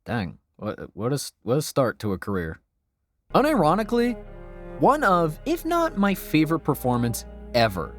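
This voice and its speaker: Brief: male game reviewer, dry and sarcastic, lively pitch, faint music underneath. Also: normal speed. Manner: dry, sarcastic, joking asides. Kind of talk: scripted video review narration.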